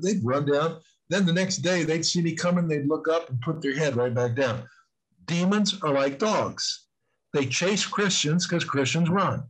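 Older male interview guest, husky and slightly high, earnest storyteller who drags out his emphasis. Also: poor audio. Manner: earnest, emphatic, drawn-out stresses on key points. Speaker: guest on spiritual warfare.

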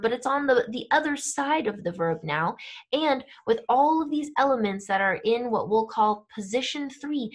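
A woman teaching German grammar to camera, explaining step by step and checking in with the viewer. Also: on the high side. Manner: clear explanatory, checks in with "right?" and "okay?".

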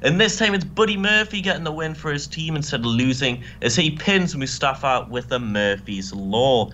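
A man rattles through a casual gaming commentary with sarcastic, sweary banter. His voice is bright and sits a little high, and it swings animatedly. A faint hiss sits behind it. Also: animated, moderate pace, dull audio. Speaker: co-host.

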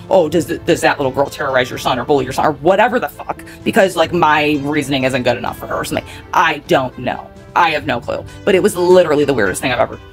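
Woman vlogger, rambling and heated, fast talker, faint music under her. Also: deep voice. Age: adult parent of a nine-year-old. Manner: heated, rambling, peppered with "like" and swearing. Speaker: channel host telling a personal story. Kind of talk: casual storytime monologue.

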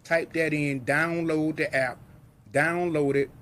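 Guy doing a pushy hyped sales pitch, high voice, bit of hiss behind. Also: fairly even intonation, takes it slowly, a bit bright. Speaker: host pitching a TV service.

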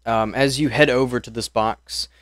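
A man's voice: medium pitch, steady tone, normal speed, fairly bright tone, no echo, studio quality. A man narrating as game master of a tabletop horror game, describing scenes loosely with plenty of ums and uhs.

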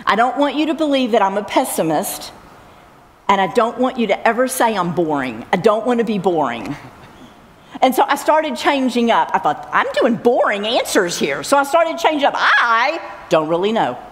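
A woman's voice: a little high, very animated, moderate pace. Middle-aged woman, camp speaker, earnest testimony, reverberant hall. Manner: earnest, repeats phrases for emphasis. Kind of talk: personal faith testimony.

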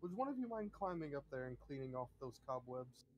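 A man's voice: mid-range voice, big pitch swings, fairly quick, a little hiss or hum, close to an everyday voice, poor audio. A man voicing a fussy, polite ghost butler who does not know he is dead. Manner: prim, polite, fretful.

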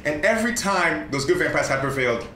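An actor playing a mooching, chatty young flatmate who rambles cheekily and theatrically. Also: male voice, fairly high pitch, fast, a little hiss or hum. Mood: indignant. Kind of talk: short film acting. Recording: roomy sound with music behind.

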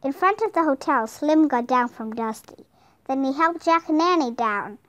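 A woman reading a children's audiobook aloud in a slow, careful way. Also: sits high, lively intonation, fairly bright tone, dry recording. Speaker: audiobook reader.

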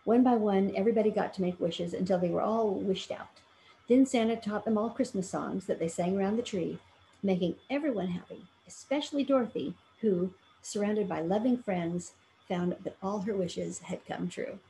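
Woman reading a children's story aloud, gravelly, mellow, dark tone, gentle and measured. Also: mid-range voice, slight background noise, poor audio. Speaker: story reader for a fan club.

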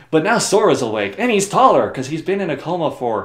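A man's voice: a little high, sing-song, fairly quick, few pauses, reverberant. A man summarizing a video game story for comedy, rambling with joking, sarcastic asides. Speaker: video host.

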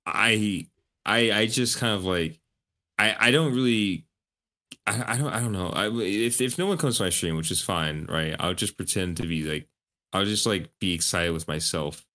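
A man's voice: on the low side, normal speed, pushed and bright. A man chatting on a live stream as a guest, rambling and stumbling over repeated words. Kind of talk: casual chat on a live stream.

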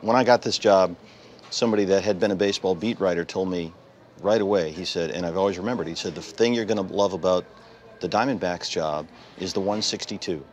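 A middle-aged man from near Boston hosts a casual interview in a restaurant. His voice sits a bit low, and he talks in a reflective, conversational way, musing aloud and asking follow-up questions. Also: a little fast. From Boston area, Massachusetts. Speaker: sportscaster host.

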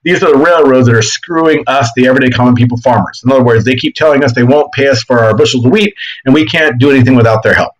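A man with a mid-range voice teaches history in a casual, animated classroom lecture, explaining things with quick asides and voiced bits. The recording quality is low.

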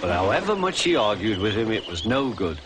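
A man narrating a children's storybook in a clear, measured way. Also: on the low side, big pitch swings, noisy background. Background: music.

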